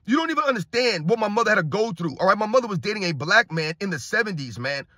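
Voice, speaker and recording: Middle-aged guy ranting hard about sports, keeps saying man, bright husky voice, dry sound. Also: sits high, sing-song, fast, no room sound. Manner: heated, repetitive, emphatic with "man". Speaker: sports commentary channel host. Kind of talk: ranting commentary to camera.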